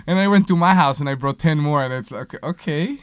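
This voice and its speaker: A man's voice: on the high side, fast talker, clean tone, no echo. A man co-hosting a live radio show, joking and teasing playfully and laughing often. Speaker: radio co-host.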